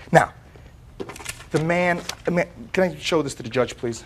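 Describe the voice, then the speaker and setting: A middle-aged man testifying as plaintiff in a courtroom, telling his story in an animated way, acting out what others said, often repeating words and restarting. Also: fairly high pitch, moderate pace, long pauses, slight background noise. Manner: animated storyteller, quotes others in lively voices.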